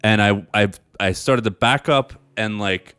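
A man's voice: on the low side, unhurried, clear, resonant tone, no room sound, studio quality. A man co-hosting a podcast, telling a story in casual chat and laughing often as he talks. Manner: animated, laughs often through his story. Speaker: podcast co-host.

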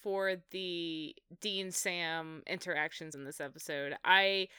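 A woman co-hosting a podcast, chatting about a TV show in an animated, jokey, enthusiastic way. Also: fairly low pitch, slow, clear, resonant tone, no echo, studio quality. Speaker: podcast co-host. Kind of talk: casual chat about a TV show.

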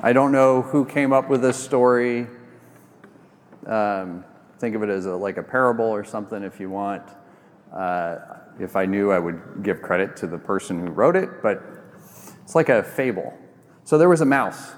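A male pastor reading scripture and then telling a fable in a conversational, animated sermon style. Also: lowish voice, moderate pace. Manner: conversational, animated storyteller with fillers. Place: church. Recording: reverberant church sanctuary.

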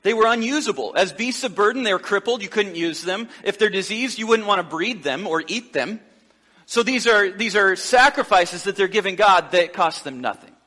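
A man preaching a sermon as pastor, lively and joking, acting out the dialogue of the people he describes. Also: high-pitched, normal speed, in a large hall. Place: church sanctuary.

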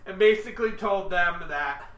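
A man co-hosting a geek news talk show, in casual, playful banter full of giggles and sudden mock shouts. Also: high-pitched, normal speed, roomy sound, far from the mic.

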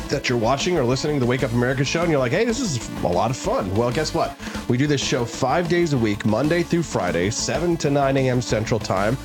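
Chatty joking male show host. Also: medium pitch. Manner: chatty, joking, many fillers. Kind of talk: casual morning show banter.

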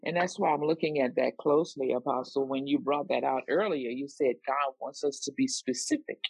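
A minister teaching on prayer, animated and acting out sample prayers with emphasis. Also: mid-range voice, fairly quick, gravelly, slightly rough, no room sound, poor audio. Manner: animated, specific, acts out prayers. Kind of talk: Bible teaching sermon.

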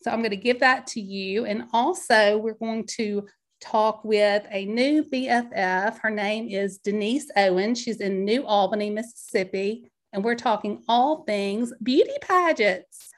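A woman's voice: medium pitch, a little slow. A woman, in her forties, hosting a podcast in a bubbly, rambling chat style, a little out of breath. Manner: bubbly, rambling, animated storytelling. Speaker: podcast host. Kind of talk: chatty solo podcast talk.

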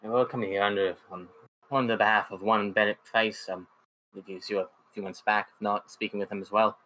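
A man playing in a tabletop game, talking in a hesitant, halting way. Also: on the low side, fairly even intonation, pushed and bright, rough recording. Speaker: player. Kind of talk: casual in-character play.

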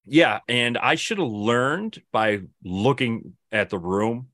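A man's voice: mid-range voice, expressive, slow, a bit bright, no echo. A young man co-hosting a podcast in casual chat, telling rambling stories and acting out his friends' lines. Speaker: podcast co-host.

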